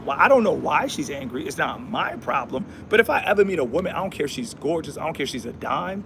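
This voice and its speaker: A man's voice: a little high, sing-song, fast talker, few pauses, noisy background. A man hosting a casual livestream, talking in a preachy, repetitive way with slangy speech and Bible verses. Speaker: livestream host.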